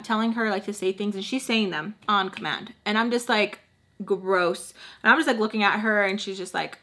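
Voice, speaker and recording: A young woman vlogger spinning a casual storytime, animated and blunt with plenty of swearing. Her voice sits at an ordinary middle pitch. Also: normal speed.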